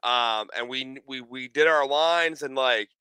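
A man's voice: medium pitch, a little slow, clear, resonant tone, dry recording. A man chatting casually, telling stories and acting out the quotes with energy. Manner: animated storyteller, acts out quotes. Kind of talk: casual chat.

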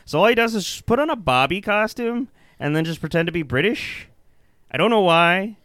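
A man rambles through a bad movie with his co-host, full of fillers, restarts and casual swearing. His voice is smooth and resonant, recorded close and dry with no room sound. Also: high-pitched, animated, fairly quick, fairly bright tone, dry recording. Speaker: podcast co-host. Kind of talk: casual movie review chat.

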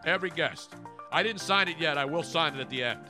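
A man's voice: fairly high pitch, a little fast, over music. A man hosting a sports podcast in casual chat, brash and opinionated with a joking edge. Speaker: sports radio podcast host.

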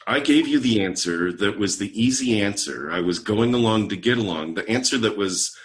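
Speaking at a normal speed in a lowish voice, this middle-aged leadership coach tells a personal story as a podcast guest. He's a lively storyteller who performs the quoted lines of the people involved.

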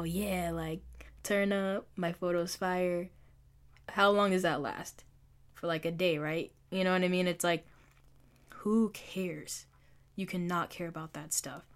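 A young woman vlogging in a casual, confessional chat, talking loosely, filling with "like" and poking fun at herself. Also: on the low side. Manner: chatty, fills with "like", self-mocking.

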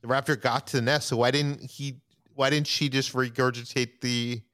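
A man's voice: medium pitch, level tone, moderate pace, a bit bright, no echo, studio quality. Man recapping an episode on a podcast. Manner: recaps plot, asks co-hosts questions, laughs often. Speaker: podcast host. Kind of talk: casual podcast discussion.

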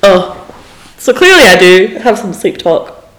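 A woman's voice: mid-range voice, sing-song, a little slow, a bit bright. A woman in her twenties, co-hosting a podcast in casual chat, telling stories with frequent laughter. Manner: giggly storyteller, laughs often. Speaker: podcast co-host.

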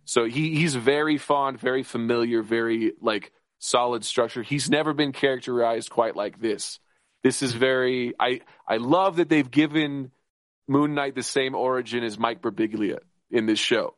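A man chatting as a podcast co-host, rushing from thought to thought and restarting his sentences as he gets excited. His voice sits at an ordinary middle pitch, and the recording is close and dry with no room sound. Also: no room sound. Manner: excited, rambling, fast with restarts and laughs. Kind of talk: casual chat.

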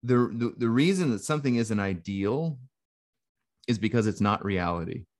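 Deep-voiced man musing in casual chat. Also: animated, normal speed, a little mellow. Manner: thoughtful, rambling, frequent restarts. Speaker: podcast co-host.

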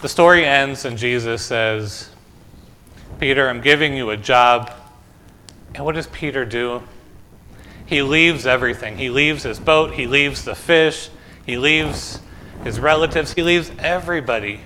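Pastor guy with a bright voice chatting with kids in church, asks lots of questions. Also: medium pitch, a little slow, slight background noise. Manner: conversational, asks children questions. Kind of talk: gospel reading and children's sermon. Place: church sanctuary.

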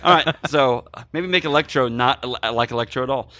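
A man co-hosting a movie podcast, chatting in an animated, joking, rambling way. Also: mid-range voice, brisk, no echo. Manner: animated, jokey, rambling with food analogies. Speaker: podcast co-host. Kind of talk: casual movie podcast chat.

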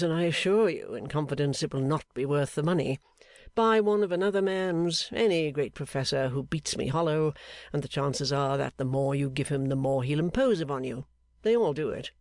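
A man voicing an airy, cynical gentleman painter who talks with breezy enthusiasm. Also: fairly high pitch, dry recording, clean studio sound, lightly acted.

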